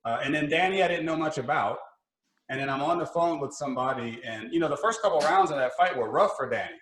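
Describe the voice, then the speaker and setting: A man's voice: a little high, fast talker. A male podcast host who tells stories with energy and laughs easily as he talks. His voice carries a roomy echo. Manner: lively storyteller, laughs easily. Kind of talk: casual podcast chat.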